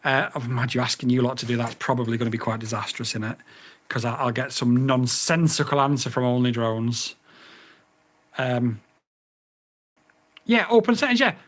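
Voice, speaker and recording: A man's voice: mid-range voice, normal speed, long pauses, a bit bright. A man reviewing a drone radio in a casual vlog, getting exasperated and swearing as he repeats voice commands.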